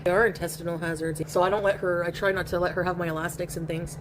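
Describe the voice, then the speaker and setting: Her voice is on the low side with little pitch movement, and she talks fast amid background noise. The woman is live streaming from home, eating while she chats aimlessly and reads viewer comments out loud.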